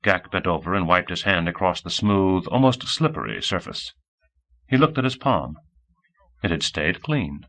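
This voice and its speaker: A man reading an audiobook in a measured storytelling manner. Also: low voice, expressive, fairly bright tone. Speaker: audiobook reader. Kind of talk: audiobook narration.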